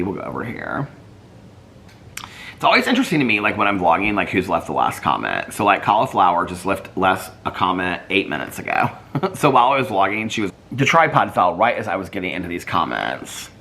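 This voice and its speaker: Male vlogger, deep soothing voice with a lively pitch, chatty and rambling. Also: normal speed, vocal fry, slight background noise. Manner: chatty, rambling, thinks aloud while searching online. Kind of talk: casual chat reading viewer comments.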